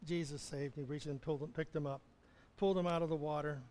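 A man's voice: fairly high pitch, fairly even intonation, quick pace, mellow. A man preaching a sermon, chuckling often and acting out the lines he quotes. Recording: long reverb of a large hall.

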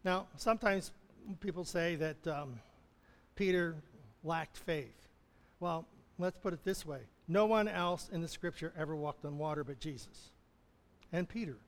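A man with a high voice preaches a sermon and laughs softly between points. He acts out the lines he quotes. His voice rings with the long reverb of a large hall. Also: unhurried. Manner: chuckling often, acting out the quoted lines.

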